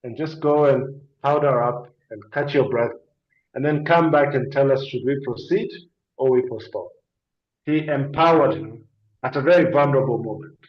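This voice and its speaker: A man's voice: medium pitch, normal speed. Guy explaining stuff earnestly on a radio show, asks questions then answers, bit echoey and dull. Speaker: guest speaker on addiction and mental health.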